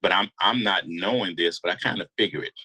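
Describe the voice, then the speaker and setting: A man telling a long story in a casual interview, animated and slangy. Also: low voice, quick pace, husky, low-quality recording. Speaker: guest storyteller.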